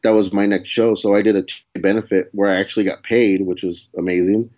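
Low mellow man telling a story. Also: level tone, fast talker. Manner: laid-back, swears, acts out quoted dialogue with laughs. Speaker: guest comedian. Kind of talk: casual storytelling chat.

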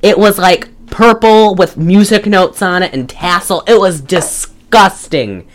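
A woman's voice: lowish voice, a little slow. A woman co-hosting a podcast in casual chat, blunt and exasperated, rambling with many restarts. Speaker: podcast co-host.

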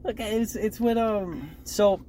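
A young man co-hosting a podcast, calmly walking through plot points in casual chat. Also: high-pitched, measured pace, slight background noise. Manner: steady plot recapping, frequent agreeing "yeah". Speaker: podcast co-host.

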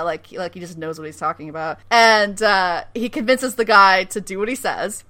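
A woman's voice: medium pitch, a little fast, hardly any pauses, bright, forceful tone. A woman casually recapping a TV episode as a podcast host, laughing often, swearing, and acting out quotes.

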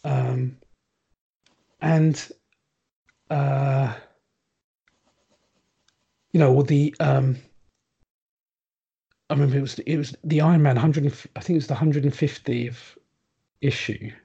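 A man's voice: medium pitch, steady tone, takes it slowly, vocal fry, pauses often, mellow, husky, muffled recording. A man chatting casually on a podcast, rambling with lots of ums and restarts. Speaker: podcast guest. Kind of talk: casual chat.

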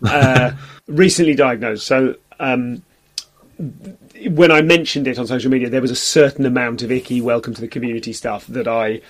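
A man's voice: mid-range voice, fairly even intonation, moderate pace. A man in his forties, a comedian on a podcast, chatting casually in a rambling, self-deprecating way and briefly acting out the voices of people he quotes.

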